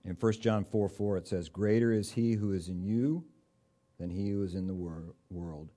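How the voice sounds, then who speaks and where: A man's voice: deep voice, normal speed, warm tone. A man preaching a sermon in a conversational, folksy way, with touches of humor and rising bursts of emphasis.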